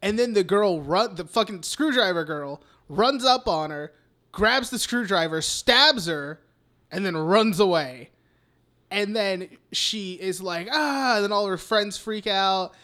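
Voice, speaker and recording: Young male podcast host, high bright voice, loose rambling recap, lots of swearing. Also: measured pace. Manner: rambling, profane, heavy use of "like". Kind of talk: casual chat recapping a film.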